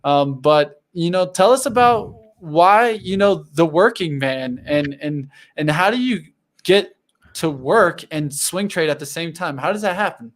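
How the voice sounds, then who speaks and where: Guy hosting a stream, kinda high voice, chatty, keeps restarting sentences. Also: lively intonation, measured pace. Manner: chatty, hesitant, many restarts. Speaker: livestream host. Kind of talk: casual livestream talk.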